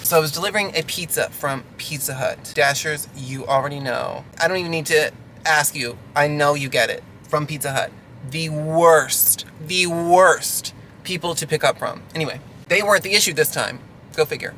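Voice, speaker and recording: A man's voice: fairly high pitch, normal speed, pushed and bright, slight background noise. A delivery driver venting through a ranting storytime vlog from his car, sarcastic and exasperated.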